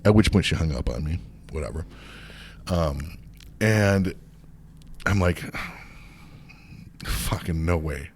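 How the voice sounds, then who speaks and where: A man's voice: deep voice, lively intonation, measured pace, long pauses, a little mellow, slight background noise. A man hosting a podcast, telling a long story in a heated, profane rant that rambles and restarts often. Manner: profane, heated, swears constantly. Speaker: podcast host.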